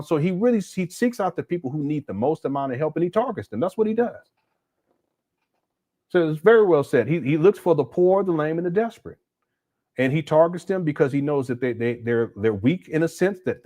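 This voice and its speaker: A man's voice: fairly high pitch, a little mellow, dry recording. A man hosting a livestream, giving blunt, critical commentary and answering viewer chats, often restarting his sentences. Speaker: host.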